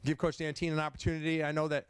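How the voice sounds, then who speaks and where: Middle-aged man, Michigan accent, football coach speech, halting and emotional, higher voice, dry sound. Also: completely flat delivery, smooth, no room sound. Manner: emotional, halting, many restarts. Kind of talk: banquet speech.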